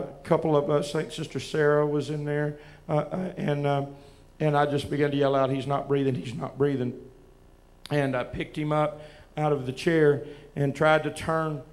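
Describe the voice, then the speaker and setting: A man with a Southern US accent, preaching as he tells a halting, emotional testimony with many restarts. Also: on the high side. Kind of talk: testimony from the pulpit.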